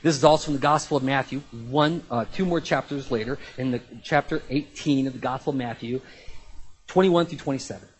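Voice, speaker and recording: A man preaching a sermon in a conversational, animated way, with sudden jumps in pitch and loudness. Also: a little fast, rough recording. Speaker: pastor.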